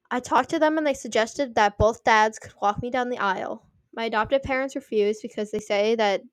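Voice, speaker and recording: A young woman reading online posts aloud and adding chatty commentary, full of "like" and quick apologies for her slips. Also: on the high side, dry recording, studio quality. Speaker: story reader and commentator.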